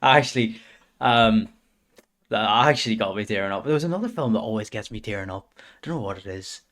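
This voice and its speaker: A man's voice: on the low side, brisk, fairly bright tone. A man in his twenties chatting casually and hesitantly on a reaction stream. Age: 20s. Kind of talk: casual chat.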